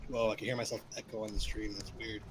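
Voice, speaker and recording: Relaxed man chatting over voice chat. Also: fairly low pitch, fast talker, husky. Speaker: fellow player. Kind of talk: casual gameplay chat.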